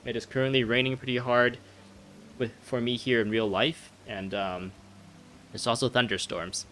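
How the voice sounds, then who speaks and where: A man's voice: medium pitch, steady tone, normal speed, fairly bright tone, a little hiss or hum. A young man casually chatting while he plays a video game, laughing and joking about himself. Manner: chatty, laughing, self-deprecating. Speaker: gaming video host. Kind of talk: casual gameplay commentary.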